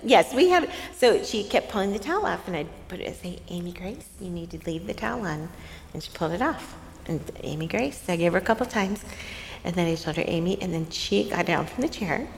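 A middle-aged woman co-hosting a faith-based talk, telling a parenting story in a lively way, laughing often and dropping to a soft voice when she quotes someone. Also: lowish voice, a little fast, creaky. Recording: reverberant room with faint hiss.

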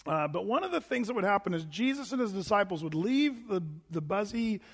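A man's voice: sits high, sing-song, fairly quick, breathy edge, big-room sound. A man preaching a sermon in a chatty, rambling way, full of fillers and restarts. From United States. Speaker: pastor.

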